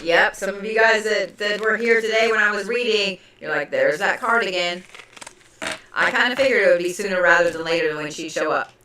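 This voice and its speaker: A woman from Oklahoma with a slight Oklahoma accent, giving a chatty, playful zodiac reading on a live stream, swinging between loud and soft. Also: mid-range voice, a little fast, a little hiss or hum. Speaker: tarot and zodiac reader. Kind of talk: casual livestream reading.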